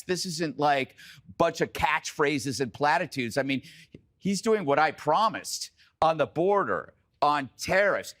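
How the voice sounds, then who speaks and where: A man's voice: fairly high pitch, fairly bright tone. A man hosting a TV panel, riffing in sarcastic, jokey banter. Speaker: panel host.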